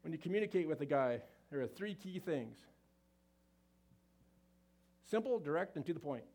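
A man's voice: fairly high pitch, animated, moderate pace, darkish tone. Folksy man giving a seminar talk. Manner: folksy, conversational, with frequent fillers. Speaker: marriage seminar speaker. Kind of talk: live talk to an audience.

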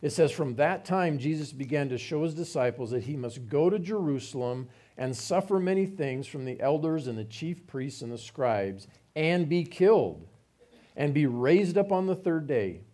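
A man's voice: on the high side, expressive, normal speed, mellow. Man teaching the Bible conversationally. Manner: informal, explains scripture verse by verse with asides.

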